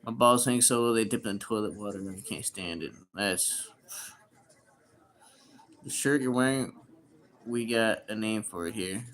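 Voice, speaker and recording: A young man streams live, his lowish, slightly bright voice moving at a measured pace with long pauses. Reading viewers' chat questions out loud, he answers them bluntly in coarse, profane, slangy banter.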